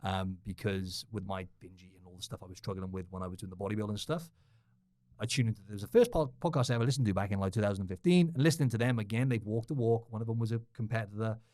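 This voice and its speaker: A man's voice: lowish voice, fast talker, darkish tone, dry recording. A man hosting a podcast in a chatty, matey way, often checking in with "right?" and "you know what I'm saying?". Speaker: podcast host. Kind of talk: casual podcast conversation.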